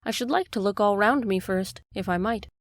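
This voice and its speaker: A woman's voice: mid-range voice, moderate pace, no room sound, clean studio sound, lightly acted. A woman voicing a polite, wondering seven-year-old girl in a storybook reading. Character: young girl, polite and puzzled.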